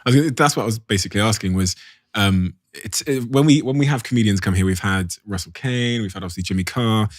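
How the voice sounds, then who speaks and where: رجل يستضيف بودكاست بفضول. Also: male voice, fairly low pitch, fast, no room sound, studio quality. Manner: curious, agreeable, frequent "yeah". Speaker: podcast host. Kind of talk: casual interview.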